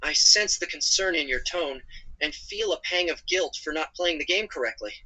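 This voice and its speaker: A text-to-speech male voice playing a calm, apologetic AI companion chatbot who narrates his own actions. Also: on the high side, moderate pace, heavily acted, low-quality recording.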